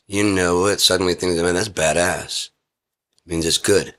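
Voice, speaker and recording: A male vlogger alone in an indoor room with a heater rambles through a profane, casual rant in a lecturing way. His voice sits low and a bit bright, with a steady tone at a moderate pace.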